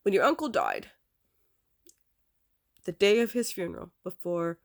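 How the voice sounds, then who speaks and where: Middle-aged woman with a creaky, gravelly voice recounting a personal family memory in loose, rambling speech. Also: low-pitched. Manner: rambling, repeats "I said" as she recounts dialogue. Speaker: adopted daughter telling her family history. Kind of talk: casual spoken family story.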